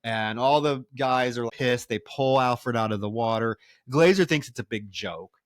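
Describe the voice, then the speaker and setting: A man co-hosts a film podcast in casual chat, retelling scenes with loose, animated energy. His pitch is in the everyday middle range and he swears freely. The sound is dry and close to the mic. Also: moderate pace, dry recording. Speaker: podcast co-host.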